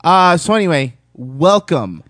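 A man's voice: on the high side, a little slow, dry recording. A man hosting a live comedy podcast, joking around with his co-hosts and laughing often. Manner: laughs often, animated and incredulous. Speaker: podcast host. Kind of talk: casual live podcast banter.

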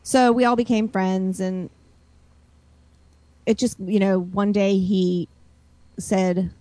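A woman's voice: mid-range voice, steady tone, slow, dark tone, no room sound. A woman calling in over a video call line, chatting casually and explaining at length. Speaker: caller guest. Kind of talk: casual chat. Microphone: computer call mic.

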